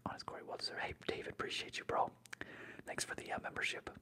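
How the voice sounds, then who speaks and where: A young man hosts an ASMR livestream, whispering at a quick pace while he cracks open trading card packs. He's slangy and eager, with occasional loud bursts of hype.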